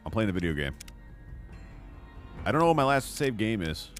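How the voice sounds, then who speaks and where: A man with a low voice chats through a video game stream, laughing at his own jokes. His pitch swings all over the place as he rambles. Music plays faintly behind him. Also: big pitch swings, normal speed. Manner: joking, rambling, laughs at himself. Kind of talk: casual gameplay commentary.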